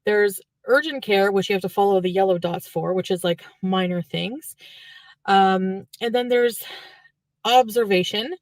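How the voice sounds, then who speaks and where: A woman's voice: medium pitch, a little slow, no echo. A woman from French Canada telling a long, rambling personal story in a chatty vlog style.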